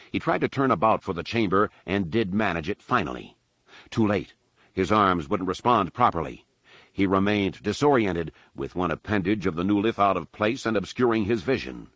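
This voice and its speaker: Man, deep voice, audiobook narrator, measured dramatic reading, dry close recording. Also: fairly bright tone, no echo. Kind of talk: scripted narration.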